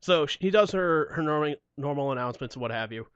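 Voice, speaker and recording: A man telling a story on a podcast, swearing freely and laughing his way through it. His voice sits a little high, and the recording is dry and close. The sound is dull and lo-fi. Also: expressive, quick pace, fairly bright tone, smooth, no room sound. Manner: profane, giggly storytelling. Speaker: podcast co-host. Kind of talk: casual podcast chat.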